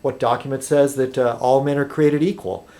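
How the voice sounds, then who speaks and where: A man's voice: mid-range voice, steady tone, moderate pace, dark tone. A man rambling casually on a webcam vlog, chatty and full of ums and restarts. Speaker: video blogger.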